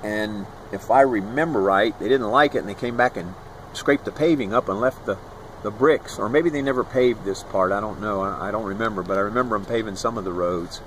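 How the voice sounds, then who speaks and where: Man in his 60s, lowish pitch, rambling storyteller, outdoor street, faint traffic noise. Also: brisk, rough recording. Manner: rambling, conversational, pointing out places as he goes. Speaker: YouTube vlogger. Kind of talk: walking tour with personal storytelling.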